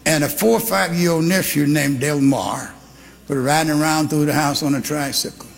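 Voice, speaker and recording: An older man from Texas, preaching a sermon with shouting and animated storytelling. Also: fairly high pitch, normal speed, gravelly. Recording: live church hall with congregation.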